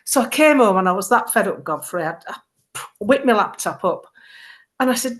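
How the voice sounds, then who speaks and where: Middle-aged woman, guest on a talk show, lively storyteller who acts out every quote. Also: on the high side, moderate pace. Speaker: political campaigner, guest. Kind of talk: casual chat.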